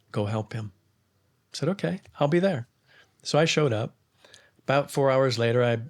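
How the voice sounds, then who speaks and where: A man as a podcast guest, telling long personal stories and acting out other people's lines with laughs. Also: mid-range voice. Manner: animated, acts out quoted voices with laughs. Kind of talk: storytelling in conversation.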